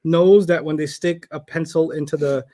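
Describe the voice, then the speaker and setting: A man with a fairly high voice teaches a class in a casual, chatty way. He acts out the people in his stories and keeps asking students to answer. Typing is heard now and then in the background. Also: normal speed. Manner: animated storyteller who acts out quoted people; asks students questions and checks their answers. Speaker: Arabic teacher. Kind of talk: casual storytelling and live teaching.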